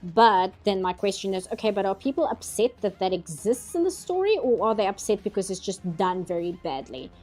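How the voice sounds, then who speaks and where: A woman's voice: medium pitch, big pitch swings, brisk, few pauses, darkish tone, faint music behind. A woman, hosting a casual livestream chat and talking easily with frequent laughs. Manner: chatty, laughs often, mock outrage. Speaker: livestream host.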